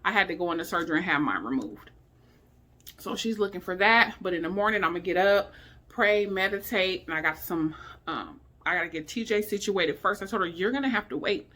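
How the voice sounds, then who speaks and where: A woman's voice: lowish voice, brisk, bright, forceful tone. Weary woman in a heartfelt ramble. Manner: emotional, heartfelt, rambling with many fillers. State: weary and low in spirits. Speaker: vlogger. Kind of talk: candid personal vlog talk. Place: indoors at home.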